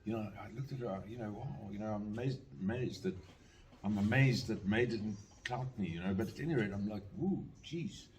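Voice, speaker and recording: A man's voice: lowish voice, a little fast, a little mellow. An older man telling a casual, rambling anecdote, full of fillers, restarts and chuckles. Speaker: storyteller.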